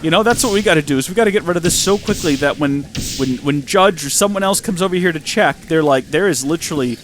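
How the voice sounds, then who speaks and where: A man hosting a gaming channel, talking excitedly to himself and the game as he plays. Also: a little high, quick pace, a little hiss or hum. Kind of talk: let's-play commentary.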